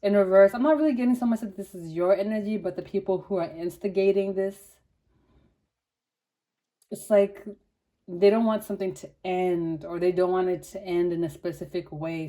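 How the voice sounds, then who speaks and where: A woman's voice: fairly low pitch, fairly even intonation, normal speed, dark tone. A young adult woman giving a casual tarot card reading, chatty and slangy, full of fillers as she talks things through. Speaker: tarot reader.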